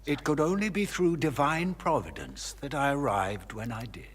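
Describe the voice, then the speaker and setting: A man's voice: medium pitch, expressive, moderate pace, slightly rough. A man voicing a scheming noble mage in a video game, polished and courteous in his speech. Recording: game audio with long reverb.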